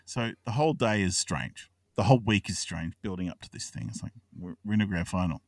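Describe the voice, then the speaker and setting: A man in his thirties with an Australian accent, an excitable podcast co-host who tells a long story, swears and laughs often. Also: sits low, a little fast, no echo, far from the mic. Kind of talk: casual chat.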